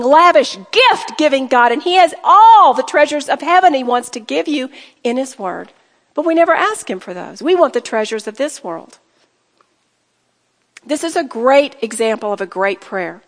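High-voiced woman preaching in a hall. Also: expressive, normal speed. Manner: earnest, exhorting, acts out prayers aloud. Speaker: women's Bible teacher. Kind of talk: sermon. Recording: hall reverb.

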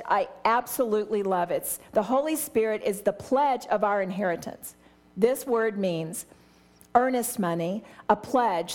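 A woman's voice: medium pitch, a little mellow. A middle-aged woman teaching a Bible study with eager enthusiasm, acting out small scenes as she explains. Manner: enthusiastic, exclamatory; acts out little scenes with voices.

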